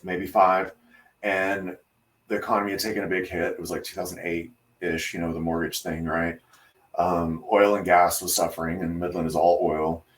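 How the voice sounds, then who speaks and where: Man, very deep voice, hairdresser, casual podcast storytelling, relaxed, pauses and fillers. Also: distant mic.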